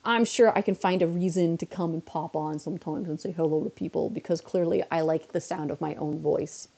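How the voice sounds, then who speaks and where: A woman's voice: sits low, steady tone, a little fast, gravelly, warm tone. A young woman live-streaming and chatting to her viewers, tired, rambling and laughing at herself. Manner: rambling, self-mocking, easily amused.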